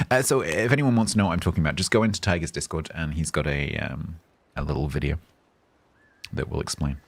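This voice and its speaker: A man chatting calmly on a game livestream, rambling with fillers and restarts. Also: very deep voice, normal speed, gravelly, long pauses. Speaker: game streamer. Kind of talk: casual livestream chat.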